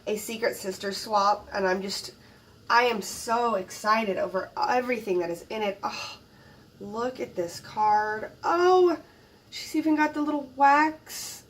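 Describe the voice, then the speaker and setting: Recorded from a distance, a woman on a crafting channel narrates an unboxing a little slowly, her voice on the high side. She gushes casually, letting out soft exclamations as she admires each piece.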